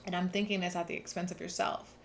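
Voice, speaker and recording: Young woman reading tarot, lowish voice, earnest, kinda emphatic, lots of restarts, bit of background hiss. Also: flat delivery, fast. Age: young adult. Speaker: tarot reader. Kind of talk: casual tarot reading to camera.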